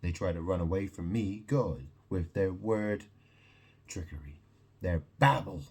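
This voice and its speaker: A man talks alone in a slow, rambling monologue, circling back over the same points and dropping in profanity. His voice sits very low and has a husky grain, and he keeps pausing to check in with the listener. The delivery is unhurried throughout. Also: a little mellow.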